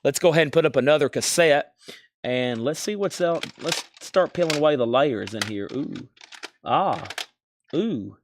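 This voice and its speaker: A man's voice: fairly high pitch, expressive, moderate pace, background noise. A man hosting a live-stream record sale, reading out albums and prices in a chatty, rambling sales patter. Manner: chatty, reads prices, rambles between items.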